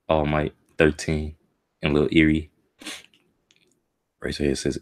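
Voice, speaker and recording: A man with an extremely deep, low voice gives an emotional, slang-heavy live reaction as he reads through a comic chapter. He mutters his thoughts to himself in a loose, casual way. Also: monotone, moderate pace, pauses often, a little mellow. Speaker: streamer reacting to a manga chapter.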